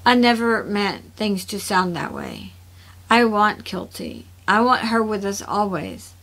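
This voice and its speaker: A patient, caring young man who speaks softly and solemnly, read by a woman. The voice stays bright and slightly lowered. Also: animated, a little slow, gravelly, exaggerated voice. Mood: earnest. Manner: soft and solemn.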